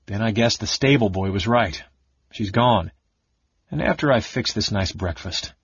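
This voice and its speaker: A plump, kindly old innkeeper fusses mildly, as a male reader puts him on. His voice sits low and husky, on a dry, dull recording. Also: unhurried, no echo. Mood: fussy. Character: rotund elderly male innkeeper, kindly and fussy.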